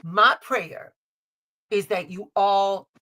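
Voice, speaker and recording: A woman's voice: mid-range voice, extremely slow, bright, forceful tone. A middle-aged woman from Chicago hosting a live-stream tarot reading, emphatic and repetitive, calling her listeners baby and honey and cursing freely. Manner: emphatic, repeats lines, calls listeners baby and honey, salty language. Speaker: tarot reader and show host. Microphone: streaming call setup.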